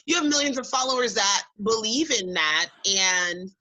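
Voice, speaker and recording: A woman's voice: mid-range voice, animated, normal speed, over a noisy crowd, rough recording. A woman co-hosting a podcast in casual chat, making emphatic points that she stretches out as she reflects. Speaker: podcast co-host.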